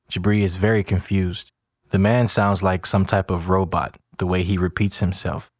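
A man narrating a story in a plain, steady way. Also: sits low, normal speed, no room sound, clean studio sound.

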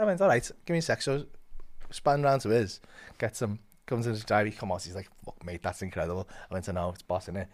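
A man's voice: mid-range voice, fast talker. A young man telling a comic story as a podcast guest, swearing, laughing and acting out the other voices.

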